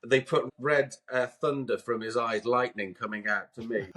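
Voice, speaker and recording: Sex: male. Role: podcast guest and co-host. Style: anecdotal storytelling. Pitch: mid-range. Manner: animated, acts out quotes. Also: normal speed.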